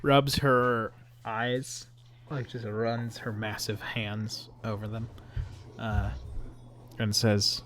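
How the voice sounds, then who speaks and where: A man narrating as game master of a tabletop game, jokey and quick to laugh. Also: on the low side, flat delivery, a bit bright, slight background noise.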